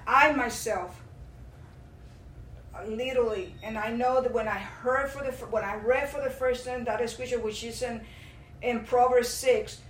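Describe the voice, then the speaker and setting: A woman with a fairly high voice gives an earnest, impassioned testimony in a church hall. She is picked up from some distance, so the sound is roomy and echoing. A faint hum sits underneath. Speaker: church speaker. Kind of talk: sermon-style testimony.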